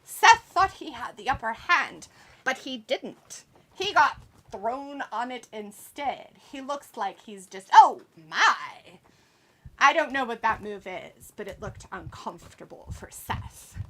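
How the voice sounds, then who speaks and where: Her voice runs on the high side, pushed and bright, with lively intonation and a slightly slow pace. She's hosting a wrestling watch-along, reading chat and commenting playfully, teasing viewers, calling them darling, and giggling in asides.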